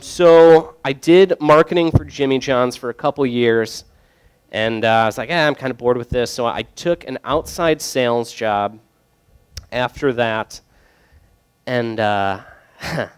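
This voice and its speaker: Joking young man with a smooth voice. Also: mid-range voice, steady tone, takes it slowly. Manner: joking, loose, rambling with many fillers. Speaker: brewery sales rep. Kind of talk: casual storytelling to a group.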